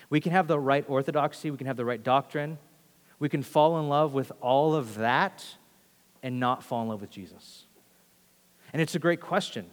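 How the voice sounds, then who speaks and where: A man preaching a sermon, earnestly shifting between hushed and forceful emphasis. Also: mid-range voice, normal speed, long pauses, long reverb tail. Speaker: pastor.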